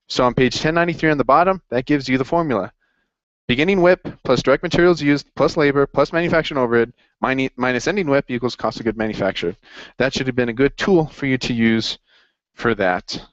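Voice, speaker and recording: A man's voice: mid-range voice, brisk, dry recording, lo-fi sound. A man running a casual accounting review session, upbeat and jokey as he encourages his students. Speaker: accounting tutor.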